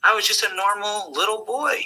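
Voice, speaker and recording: An older man from the United States, answering interview questions as an animated, joking storyteller who drops now and then to a hushed tone. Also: high-pitched, normal speed, rough recording. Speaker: interview guest. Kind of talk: conversational storytelling.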